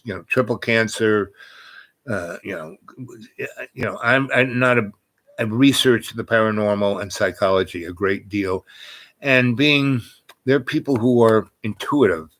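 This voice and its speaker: A man with a somewhat low voice tells a personal story in a loose, casual way. He wanders off on tangents and restarts his sentences often, and at times he sounds close to tears. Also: fairly bright tone, poor audio. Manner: rambling, digressive, with many restarts; emotional, near tears at times.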